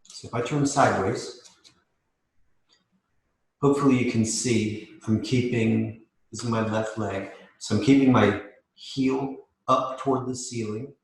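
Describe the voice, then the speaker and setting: A man leading a live mobility class as yoga instructor, calmly cueing each step while demonstrating. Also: medium pitch, unhurried. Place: yoga studio. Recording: echoey room.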